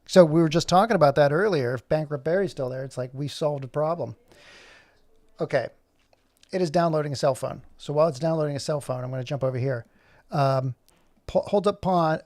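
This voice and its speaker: A man in his forties talks casually on a livestream as he works on an animation. He jokes and rambles to himself, with a gravelly, fry-heavy voice that sits a bit higher than most men's. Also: fairly quick, darkish tone, dry recording. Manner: joking, rambling self-talk while working. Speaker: animator streaming live.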